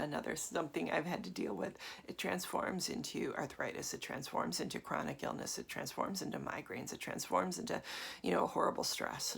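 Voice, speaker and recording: A woman's voice: on the low side, creaky, a little hiss or hum. A woman in her forties giving a casual, confiding talk as a meditation teacher, often dropping to a half-whisper. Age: 40s. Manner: soft, confiding, with frequent fillers and laughs.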